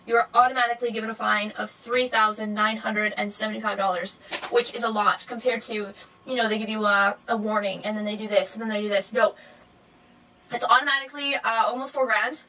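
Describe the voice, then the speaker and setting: A young woman chats to her camera in a rambling, unscripted way, stumbling through fillers and corrections. Her voice sits a little high and sounds bright and sharp, and now and then it jumps up into an excited squeal. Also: brisk, slight background noise, poor audio. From Canada. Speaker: vlogger. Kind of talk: casual chatty vlog monologue.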